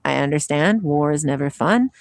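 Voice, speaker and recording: A woman's voice: low voice, lively intonation, moderate pace, vocal fry, dry recording. Chatty woman livestreaming, dry close sound. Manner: chatty, laughs often, reads spiritual passages aloud. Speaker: livestream host. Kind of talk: casual livestream chat.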